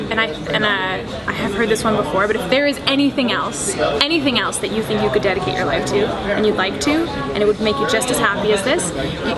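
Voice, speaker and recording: A young adult woman who works as an actress and screenwriter answers interview questions with eager, talkative energy. Her voice sits at a medium pitch, and she laughs a lot and often starts her sentences over.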